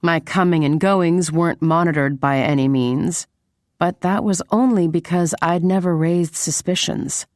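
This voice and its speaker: Low, slow woman narrating an audiobook. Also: darkish tone, dry recording, studio quality. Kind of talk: first-person audiobook narration.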